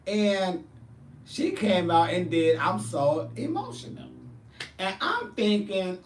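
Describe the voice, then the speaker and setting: Animated man telling profane stories. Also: high-pitched, measured pace, roomy sound, far from the mic, slight background noise. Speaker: drag performer and show host. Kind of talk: casual chat answering viewers.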